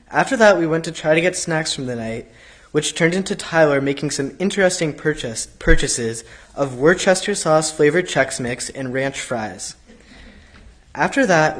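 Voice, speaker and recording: A man reading a prepared reflection aloud at a service in a steady, even way. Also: fairly high pitch. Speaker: congregant giving a trip reflection.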